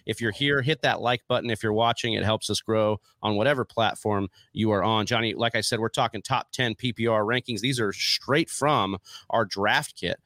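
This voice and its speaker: A man's voice: on the low side, moderate pace, fairly bright tone, no room sound. Upbeat man hosting a podcast, dry sound. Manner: upbeat, chatty, hype-building. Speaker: podcast co-host. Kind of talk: casual fantasy football podcast talk.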